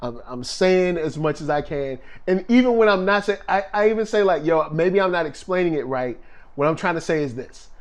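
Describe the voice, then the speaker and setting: A man co-hosting a casual relationship talk show with his wife, laid-back and quick to laugh, reading viewer comments aloud. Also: fairly high pitch, animated. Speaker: podcast co-host. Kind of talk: casual chat.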